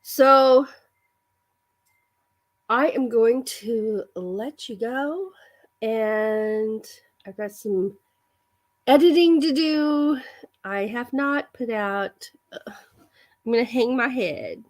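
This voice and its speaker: High-voiced lady chatting with her live viewers, laughs a lot, kinda slow and easygoing. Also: animated. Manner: giggly, self-deprecating, chatty. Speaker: livestream host. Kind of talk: casual live chat with viewers.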